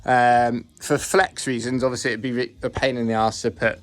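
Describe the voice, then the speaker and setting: A man from the United Kingdom walks through the build of his converted bus from inside it, narrating a casual vlog. He rambles in a plain, self-deprecating way, his mid-range voice level in tone and moderate in pace.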